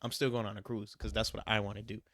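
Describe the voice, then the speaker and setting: A young man vlogs about his travels, giving viewers casual motivational advice, emphatically repeating his points and saying "you gotta" a lot. His voice is on the low side, fairly bright, with little pitch movement, and he talks fast on a dry, studio-quality recording.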